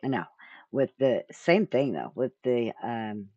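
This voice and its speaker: A man hosting, thinking aloud in a halting way as he plays clips. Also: medium pitch, lively intonation, no room sound. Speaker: host. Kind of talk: casual commentary while playing clips. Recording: dry lo-fi audio.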